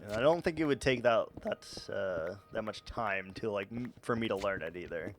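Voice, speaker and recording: A man's voice: on the low side, expressive, moderate pace, a little hiss or hum. A young man streaming a game, chatting casually to his chat in a rambling, joking, self-mocking way with frequent chuckles.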